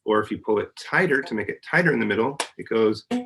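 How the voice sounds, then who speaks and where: A man's voice: mid-range voice, expressive, fast talker, vocal fry, background noise. A man, a university professor, patiently walking children through a hands-on science demonstration at home, singing notes and making vocal sounds to show how they work. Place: family home.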